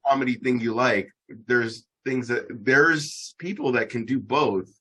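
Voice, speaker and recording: A man's voice: mid-range voice, measured pace, pushed and bright, slightly rough. A man in a casual podcast chat, rambling and swearing as he restarts his sentences.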